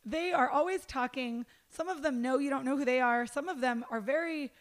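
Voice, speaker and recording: A woman who works as a red carpet interviewer, telling stories in a casual chat, animated and full of "like" and "dude". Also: high-pitched, a little fast. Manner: animated storyteller, lots of "like" and "dude".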